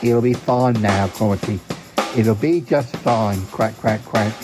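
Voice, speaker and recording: A man's voice: on the low side, measured pace, music in the background, natural voice. A man voicing a fussy, reassuring duck-like male character who quacks between his phrases. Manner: punctuates speech with "quack, quack".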